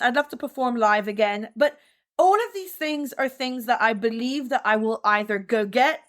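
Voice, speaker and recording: A woman in her thirties speaks as an interview guest, in a chatty and upbeat manner. Her voice sits a little high. She often falls back on "like" as she talks. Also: fairly bright tone. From France and the United States. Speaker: guest, dancer and teacher. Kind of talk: relaxed interview conversation.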